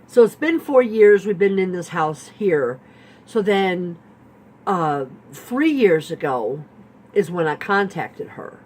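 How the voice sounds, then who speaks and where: Woman vlogger, storytime, rambling and repetitive with lots of filler, lively ups and downs. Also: fairly low pitch, takes it slowly. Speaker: vlogger telling a personal story. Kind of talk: storytime vlog.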